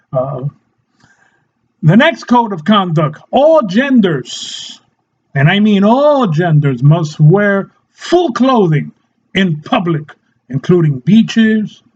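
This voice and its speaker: A man with a high, light voice delivers a mock-serious satirical rant, taking his time over every line. He is sarcastic and keeps slipping into laughter and quick put-on voices. The recording sounds dull and lo-fi. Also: a little mellow, breathy edge. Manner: sarcastic, often breaks into laughter; acts out short quoted voices. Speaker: satirical commentator.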